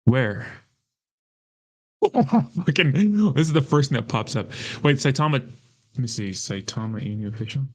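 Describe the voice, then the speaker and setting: A man chatting live with his viewers, hungover and quick to curse. He talks in a heated way, reading comments aloud and answering them off the cuff. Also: mid-range voice, animated. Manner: profane, heated, reacting to chat. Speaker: crypto livestream host. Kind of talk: casual livestream chat reading comments.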